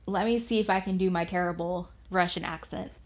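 A woman's voice: lowish voice, fairly even intonation, fairly quick. A young woman from the American South talking in a casual, rambling monologue, swearing often and poking fun at herself. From Southern United States. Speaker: vlogger. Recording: dull lo-fi recording.

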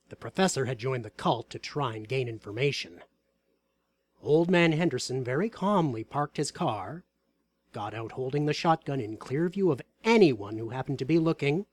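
A man reading aloud a story about a tabletop game session in a wry, deadpan way. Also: medium pitch.

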